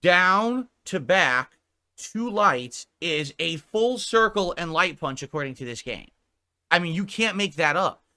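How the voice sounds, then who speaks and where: A male livestreamer talking to his chat in a fed-up, profane rant. His voice sits slightly high and comes out bright and pushy. He reads out viewer comments and picks them apart one after another. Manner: profane, exasperated ranting. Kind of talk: live stream rant.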